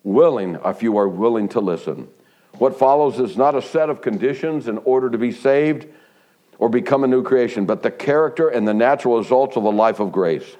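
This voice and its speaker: Male preacher, sermon delivery, mid-pitch voice, animated storytelling that climbs high when excited, frequent restarts. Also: a little fast. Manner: restarts and stumbles, laughs between phrases. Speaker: pastor.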